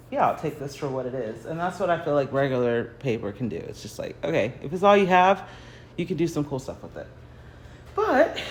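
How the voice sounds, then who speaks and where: A woman with a low, darkish voice paints in her home garage early in the morning while chatting on a phone livestream, with a bit of hiss or hum in the audio. She's an American artist whose talk wanders, fills up with fillers, and often dissolves into laughter.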